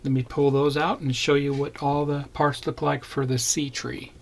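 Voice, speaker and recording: A man with a gravelly, creaky voice talks through a model kit review in a casual, unhurried way. He points out each part as he goes and names what is on each tree. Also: mid-range voice, level tone. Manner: plain, unhurried, points out parts as he shows them. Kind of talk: casual unboxing narration.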